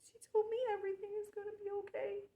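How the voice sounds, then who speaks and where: A woman's voice: very high-pitched, monotone, fast, dark tone. A woman speaking in a heartfelt personal monologue, earnest and spiritual, often repeating herself. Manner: earnest, spiritual, emotional with repetitions. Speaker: vlogger.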